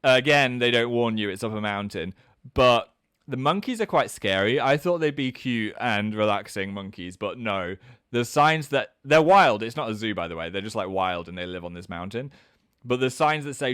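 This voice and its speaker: A man's voice: expressive, normal speed, fairly bright tone, clear, resonant tone, no room sound. Self-mocking male streamer in his thirties, mid-range voice, close dry mic. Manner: chatty, self-mocking, jumps up in pitch for comic voices. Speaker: livestream host. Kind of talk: casual livestream chat.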